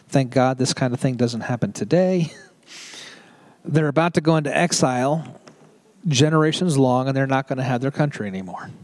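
A middle-aged man preaches in a relaxed, conversational way. He jokes and drifts into quick asides. His voice sits at an ordinary middle pitch for a man. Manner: chatty and joking, with quick asides. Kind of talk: casual sermon.

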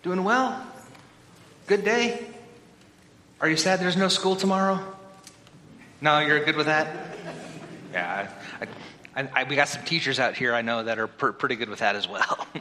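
Pastor guy doing the kids sermon, chatty and playful, highish voice, big church reverb. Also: normal speed, pauses often, pushed and bright. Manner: playful, chatty, asks the crowd questions. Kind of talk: children's sermon. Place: church sanctuary. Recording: long hall reverb.

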